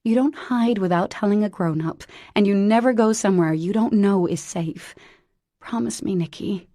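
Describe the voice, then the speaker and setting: Woman playing a desperate young mother, gravelly. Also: mid-range voice, normal speed, warm tone, no room sound, studio quality, pitched above the performer's own voice, lightly acted. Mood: gentle. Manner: pleading, edged with hysteria. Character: frantic, tender young mother.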